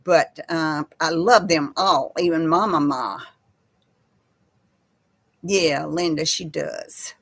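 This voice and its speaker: An older woman chatting casually with live viewers in a slow, folksy way. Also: sits low, creaky, fairly bright tone, husky. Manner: slow folksy talk, baby voice to her pets. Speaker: host of a live chat with viewers. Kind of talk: casual live-stream chat reading viewer comments.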